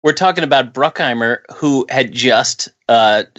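A man's voice: medium pitch, a little slow, lo-fi sound. A man co-hosting a podcast, chatting casually and sarcastically about a film. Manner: incredulous, sarcastic, lively. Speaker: podcast co-host. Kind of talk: casual movie-review chat.

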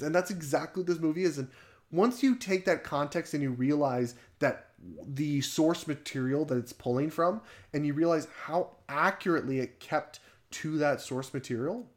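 A man co-hosting a casual podcast chat, animated, laughing often and swearing freely. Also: a little high. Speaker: podcast co-host.

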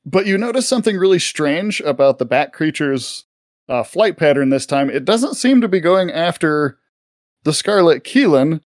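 A man running a tabletop game, narrating in a loose, rambling way. His voice sits slightly high, and the recording is dry and close. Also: lively intonation, moderate pace, no room sound. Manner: rambling, with many fillers. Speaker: game master.

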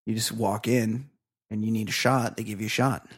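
A man's voice: lowish voice, fairly even intonation, normal speed, breathy edge. A man co-hosting a comedy podcast in casual banter, swearing often and sounding emphatic and indignant. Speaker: podcast co-host.

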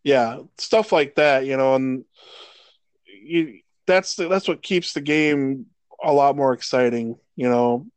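A man in his thirties co-hosting a laid-back sports podcast, cursing freely as he rants. His voice sits at an ordinary pitch and the recording is dry and close, with no room sound. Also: slow pace, clean tone, dry recording. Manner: profane, animated rants. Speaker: podcast co-host. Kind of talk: casual sports chat.

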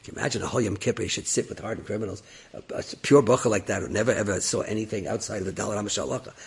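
A man voicing a wily old rabbi who coaxes and insists, with a raspy voice. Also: on the low side, racing, heavily acted. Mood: pleading. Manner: coaxing, repeats himself insistently.

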